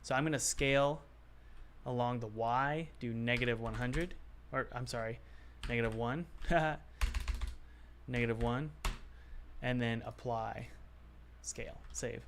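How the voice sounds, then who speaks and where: Male game dev, mid-pitch, muttering self-talk while working, confused asides. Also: a little slow, pauses often, background noise. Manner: muttering to himself, puzzled, self-talk with sighs. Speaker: game developer. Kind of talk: thinking aloud while working.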